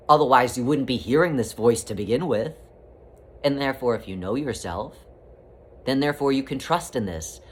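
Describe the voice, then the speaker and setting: A man giving a spiritual talk, speaking as a collective "we" in a flowing, repetitive, gently teasing way. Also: medium pitch. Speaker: spiritual teacher.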